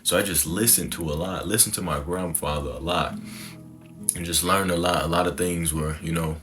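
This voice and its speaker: A man's voice: sits low, steady tone, moderate pace, music in the background. A young man telling his personal story to the camera in a reflective, conversational, slangy way. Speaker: content creator.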